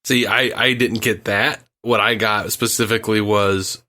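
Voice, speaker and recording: Male co-host, casual chat, blunt and lively delivery, quick to laugh. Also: on the low side. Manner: blunt and animated, with frequent laughter. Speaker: podcast co-host.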